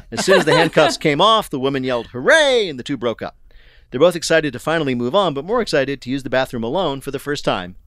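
A man hosting a news quiz, reading questions briskly and landing wry punchlines. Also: mid-range voice, animated, fairly bright tone, no echo, clean studio sound. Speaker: quiz show host.

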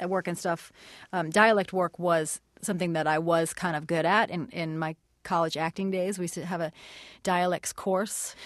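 A woman's voice: fairly low pitch, a bit bright, no room sound, clean studio sound. A woman guest in a radio interview, explaining her craft thoughtfully with many hesitations and light laughs. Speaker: actress and guest.

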